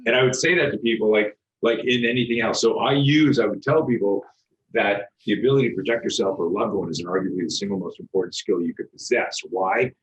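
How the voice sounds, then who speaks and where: A middle-aged man with a low voice tells a story with animated energy. He acts out both sides of a conversation and restarts his sentences often. He talks as a self-defense instructor who is a guest on the show. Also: fast talker, rough recording. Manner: animated, acts out quoted dialogue, frequent restarts, swears.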